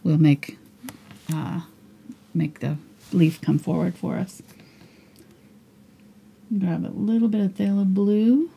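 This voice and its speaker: A woman teaching a live painting lesson, her voice hoarse and fading as she talks quietly through each brushstroke. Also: lowish voice, steady tone, takes it slowly, long pauses. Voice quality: husky, gravelly. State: losing her voice. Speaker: painting instructor.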